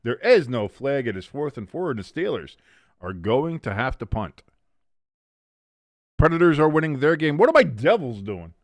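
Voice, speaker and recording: A man's voice: medium pitch, very animated, moderate pace, no room sound. A young man hosting a casual live watch-along of a football game, rambling, self-mocking and swearing freely as he calls plays.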